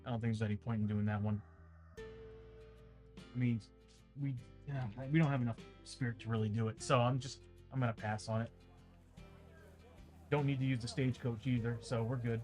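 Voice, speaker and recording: A man's voice: medium pitch, steady tone, moderate pace, long pauses, darkish tone. A man streaming a tabletop game, rambling casually to his viewers with a dry throat. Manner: rambling, chatty, talks straight to viewers. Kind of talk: casual livestream chat. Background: faint ambient music.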